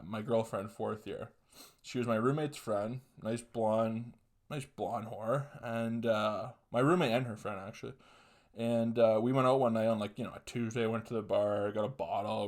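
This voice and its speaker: A young man in his twenties rambles through a crude personal story. He swears freely and often breaks into laughter, with a loose, casual delivery. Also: lowish voice. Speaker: podcast host telling a story.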